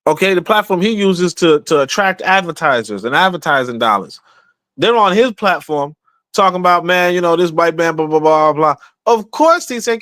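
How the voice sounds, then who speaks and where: A man's voice: on the high side, lively intonation, moderate pace, fairly bright tone, dry recording. A man hosting a livestream podcast, talking in a casual, emphatic way, repeating himself and asking rhetorical questions. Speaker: podcast host.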